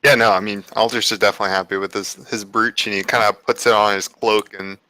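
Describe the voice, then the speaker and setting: A man playing a tabletop game, describing his character in a relaxed, measured way. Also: fairly low pitch, no room sound, low-quality recording. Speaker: player. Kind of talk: casual tabletop play.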